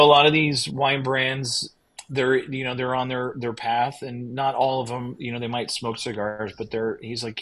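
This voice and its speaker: A man's voice: mid-range voice, low-quality recording. A man, a winery owner guest on a podcast, telling his story in a casual, enthusiastic, rambling way. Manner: enthusiastic, rambling, quotes others in lively bursts.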